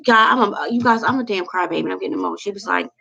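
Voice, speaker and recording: Gravelly chatty woman in her forties. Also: medium pitch, rapid-fire, pushed and bright, dull audio. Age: 40s. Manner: chatty, emotional, rambling with many fillers. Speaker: vlogger. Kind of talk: casual storytelling to camera.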